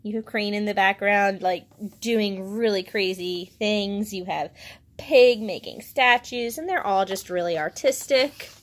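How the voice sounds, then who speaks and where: A woman reviewing a children's picture book, reading pages aloud with expressive enthusiasm. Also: medium pitch, measured pace.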